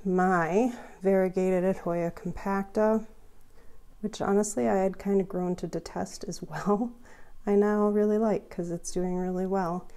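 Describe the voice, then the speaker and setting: Slow-talking chatty woman plant vlogger. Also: medium pitch, fairly even intonation, mellow. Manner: chatty, goofy, rambling. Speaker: houseplant channel host. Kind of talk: casual houseplant tour vlog.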